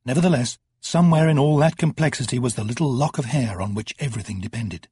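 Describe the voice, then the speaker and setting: A male narrator reads a fantasy novel with measured, dramatic pacing. His voice is very husky and breathy, in a middle pitch. The recording is close and dry. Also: darkish tone, dry recording. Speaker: audiobook narrator. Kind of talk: scripted narration.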